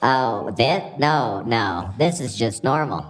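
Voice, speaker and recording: A man's voice: medium pitch, expressive, slow pace, noisy background. A man voicing a clockwork robot player character in a tabletop game, talking casually and innocently. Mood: sheepish.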